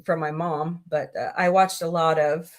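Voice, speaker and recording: A woman's voice: deep voice, steady tone, moderate pace. A woman in her forties from Missouri hosting a casual livestream, chatting loosely, greeting viewers by name and reacting to the chat as she rambles from topic to topic. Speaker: livestream host.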